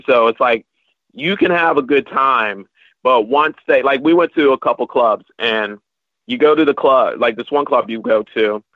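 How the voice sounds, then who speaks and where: A man's voice: mid-range voice, no room sound. A man telling travel stories as a guest in casual chat, rambling with many restarts. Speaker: podcast guest. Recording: dry, slightly muffled lo-fi recording.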